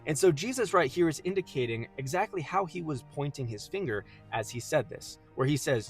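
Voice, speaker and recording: A man's voice: fairly high pitch, lively intonation, soft background music. Earnest man giving a casual Bible teaching. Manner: earnest, emphatic, slows down to read verses. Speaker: host.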